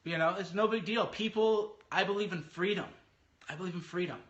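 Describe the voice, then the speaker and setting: A man talking casually on his podcast, his voice pitched high and bright. He gets animated and slips into mocking impressions of other people as he goes. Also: a little fast, highs cut off. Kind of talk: casual monologue.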